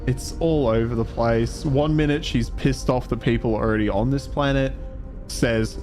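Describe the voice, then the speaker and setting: A man's voice: medium pitch, fairly even intonation, moderate pace, a little mellow, soft background music. A man streaming a video game, ranting in frustration and swearing, often trailing off in the middle of thoughts. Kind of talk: casual gameplay commentary.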